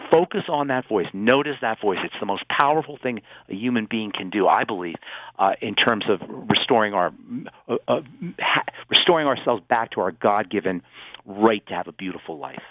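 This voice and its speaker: Man, pharmacist guest, lively rising and falling voice, dry tinny phone-line sound, earnest explaining. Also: fairly low pitch, normal speed, no echo. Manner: earnest, animated explaining with restarts. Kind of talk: radio call-in talk.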